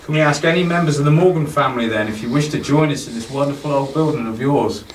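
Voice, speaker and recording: A man's voice: mid-range voice, fast. A man calling out to spirits during a paranormal investigation in an old castle, coaxing and respectful. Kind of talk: ghost-hunt calling out. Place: old castle ruin at night. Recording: echoey stone room from far off, faint noise.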